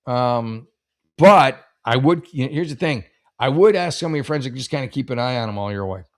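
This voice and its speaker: A man's voice: medium pitch, lively intonation, fairly quick. A middle-aged man hosting a casual advice show. He reads listener questions and rambles through jokes and personal stories, with many restarts. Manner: rambling, jokey, many restarts and self-corrections.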